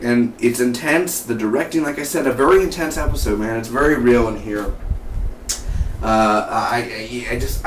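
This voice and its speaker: A man casually reviewing a TV episode, rambling and enthusiastic, with lots of fillers and "dude" and "man". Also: medium pitch. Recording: roomy echo from far off the mic, light hiss.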